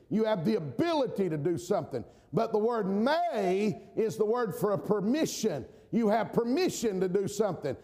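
Preaching in a large hall, a middle-aged man from Georgia in the US South uses a high voice and a Southern drawl. His sermon is emphatic, full of amens, alternating between shouting and quiet asides.

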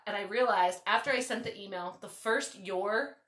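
A woman hosting a podcast, telling a story in a casual, animated, foul-mouthed way. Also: mid-range voice, moderate pace, reverberant, distant mic. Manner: animated, swearing, lots of "like". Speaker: podcast host.

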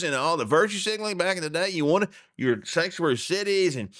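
A man's voice: high voice, fairly quick, no room sound, clean studio sound. A middle-aged man hosting a radio talk show, ranting in a casual, chuckling way. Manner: animated, ranting, chuckling asides.

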